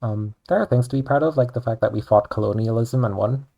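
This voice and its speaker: Young adult, Irish accent, streamer chatting while drawing, rambling, lots of "like", creaky voice. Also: medium pitch, quick pace, lo-fi sound. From Ireland. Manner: rambling, chatty, says "like" often. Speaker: streamer and artist. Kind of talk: casual chat while drawing.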